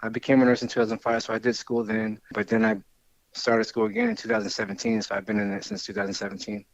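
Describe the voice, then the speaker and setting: Fast-talking low-voiced man. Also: animated, no room sound, lo-fi sound. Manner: friendly, rambling with restarts. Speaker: guest, scholarship winner. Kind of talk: casual interview.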